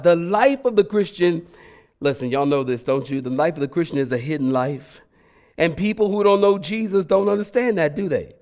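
A middle-aged man preaching a lively, conversational sermon as a guest preacher, playfully acting out voices. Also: fairly high pitch, a little fast.

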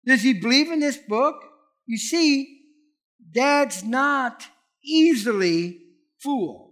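A high, bright-voiced middle-aged man preaches a sermon. He swings his pitch widely and drives his points home with punchy, emphatic repetition. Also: lively intonation, takes it slowly. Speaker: pastor.

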